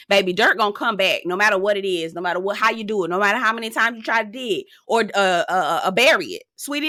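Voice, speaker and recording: Sassy, bright-voiced woman recapping reality TV. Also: dry recording, clean studio sound. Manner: sassy, animated storytelling, swings pitch for emphasis. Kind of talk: casual recap commentary.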